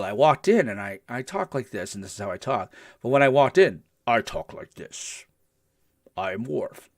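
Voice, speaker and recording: An older man hosting a podcast, recapping episodes in casual chat and acting out quotes with animated energy. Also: medium pitch. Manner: animated storytelling, acts out quotes. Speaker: podcast host.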